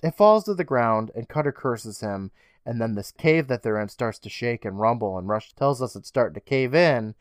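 A man's voice: mid-range voice, animated, normal speed, no room sound, clean studio sound. A young adult man co-hosting a podcast, recapping a TV episode in a wry, profane, casual way. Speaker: podcast co-host.

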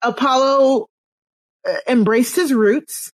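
A woman's voice: medium pitch, normal speed, no echo. A woman co-hosting a casual podcast, chatting with frequent restarts and laughs. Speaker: podcast co-host. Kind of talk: casual wrestling podcast chat.

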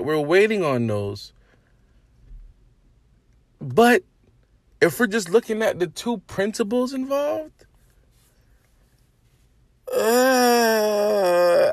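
A man hosting a casual sports podcast. He talks straight to his listeners in an animated, hyped-up way and calls people out. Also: high-pitched, no room sound, clean studio sound. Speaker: podcast host.

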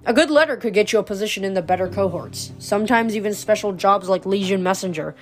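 A woman's voice: mid-range voice, quick pace, soft background music. A woman reading a novel aloud, unpolished, with frequent slips and restarted words. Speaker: audiobook reader.

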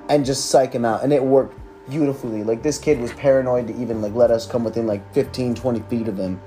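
A man's voice: medium pitch, mellow. A young man hosting a podcast, telling a school story in a casual, sarcastic, profane way with lots of filler words. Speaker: podcast host.

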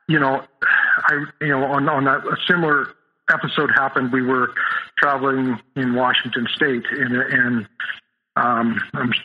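A man as a podcast guest, telling a personal story in a halting way, with many restarts and fillers. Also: medium pitch, dull audio.

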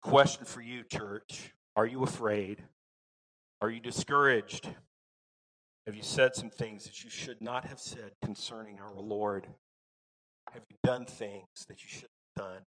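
A man with a Southern American accent preaching a sermon as pastor, folksy and emphatic, swinging between loud bursts and quiet asides. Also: fairly low pitch, steady tone, a little slow, poor audio.

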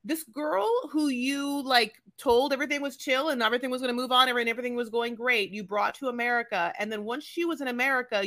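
A woman's voice: high-pitched, a bit bright, dry recording, studio quality. A woman co-hosting a podcast, recapping a show in casual chat with emphatic rhetorical questions. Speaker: podcast co-host.

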